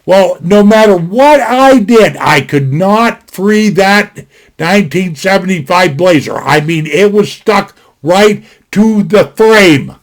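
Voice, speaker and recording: A man with a fairly high voice tells a rambling, folksy story at his desk. He restarts his sentences often and wanders into asides. His delivery stays casual and conversational throughout. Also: lively intonation, slow. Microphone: desktop recording.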